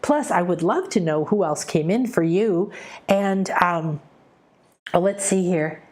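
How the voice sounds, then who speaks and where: A middle-aged woman hosting a live spiritual guidance session, talking casually to viewers and swinging between quick excited bursts and slow soft stretches. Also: lowish voice.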